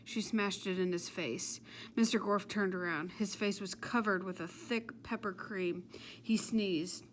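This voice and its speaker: A woman narrating a children's chapter book with steady, measured storytelling. Her voice sits at a middle pitch, with a faint hiss behind it. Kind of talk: audiobook narration.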